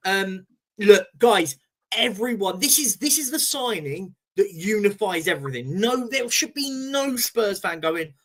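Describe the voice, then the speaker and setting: Excitable male co-host hyping the chat. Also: high voice. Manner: excitable, quick, hypes the audience. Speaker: co-host guest. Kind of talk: casual stream chat.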